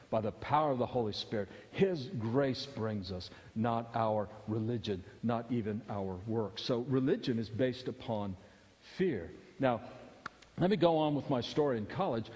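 Emphatic pastor preaching in a reverberant church. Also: male voice, medium pitch, darkish tone. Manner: emphatic, repetitive preaching with rising fervor. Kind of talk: sermon. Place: church sanctuary. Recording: long hall reverb.

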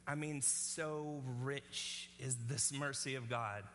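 A man's voice: mid-range voice, steady tone, slow pace, fairly bright tone, in a large hall. A male pastor preaching a sermon in an earnest, conversational way, often checking in with the congregation.

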